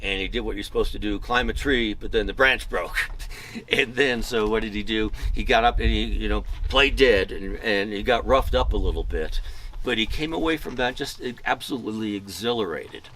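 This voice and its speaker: A man's voice: on the low side, moderate pace, a bit bright, a little hiss or hum, low-quality recording. A man, a former fire lookout, telling rambling, digressive stories with wry, self-mocking humor in an oral history interview at a mountain lookout.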